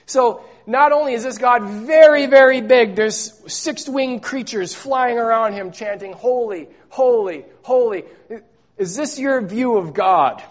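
A male pastor preaching a sermon, stressing words loudly and repeating them, then dropping to hushed, low lines. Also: measured pace. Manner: emphatic, swinging between loud stresses and hushed low lines.

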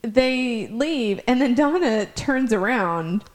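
A woman's voice: fairly high pitch, animated, slow, poor audio. A woman co-hosting a podcast, casually retelling plot points and searching for the right words as she talks. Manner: conversational, searches for words with fillers. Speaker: podcast co-host. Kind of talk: casual recap chat.

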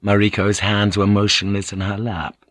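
A man's voice: fairly low pitch, completely flat delivery, moderate pace, a bit bright, no room sound. Man narrating a historical audiobook. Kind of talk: scripted narration.

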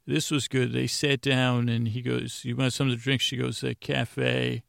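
A man's voice: mid-range voice, flat delivery, moderate pace, vocal fry, a bit bright, no echo, studio quality. A man hosting a podcast, casually recapping a TV episode in a rambling way with many restarts.

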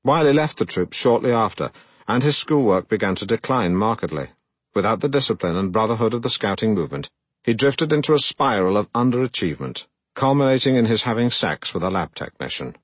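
An actor playing a pompous, self-regarding middle-aged broadcaster who narrates his own memoir in a deadpan way. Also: lowish voice, brisk, breathy edge, dry recording. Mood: self-important. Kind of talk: comic audiobook narration.

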